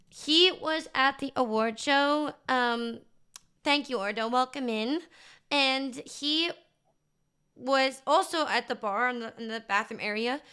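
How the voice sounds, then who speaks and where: A woman's voice: on the high side, pushed and bright, clean tone. A woman streamer chatting casually to her viewers, gushing and rambling with lots of filler words. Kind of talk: casual livestream chat recap.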